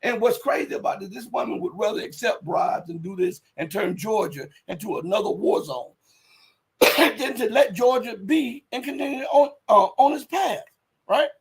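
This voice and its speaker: A man hosting a livestream, giving casual political commentary in a rambling, emphatic way, breaking into loud outbursts and muttering while he searches online. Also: very high voice, normal speed, gravelly, low-quality recording. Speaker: livestream host.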